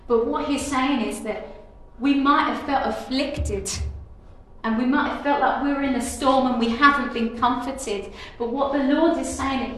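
A woman's voice: high-pitched, steady tone, a little slow, a bit bright. A woman giving an earnest, declarative devotional message, often repeating and restarting her phrases. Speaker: preacher. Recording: very echoey room with faint noise.

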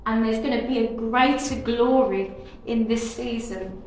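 A woman's voice: a little high, fairly even intonation, a little slow, a little mellow. A woman giving an earnest, declarative devotional message, often repeating and restarting her phrases. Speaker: preacher. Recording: very echoey room with faint noise.

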